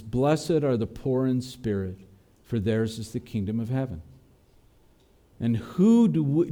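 A man's voice: medium pitch, dark tone. A man preaching a sermon as pastor, earnest and building to emphatic peaks.

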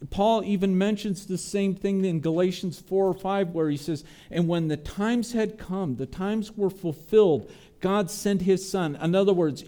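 A man preaching a sermon, earnest, his voice dropping low and soft on tender lines and lifting on prayers. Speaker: pastor.

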